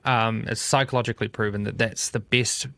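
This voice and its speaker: Podcast guest: gravelly New Zealand man, animated, close dry mic. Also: on the low side, fairly quick, dry recording. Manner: animated, acts out quoted voices. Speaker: podcast guest, video studio founder. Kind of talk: casual podcast chat.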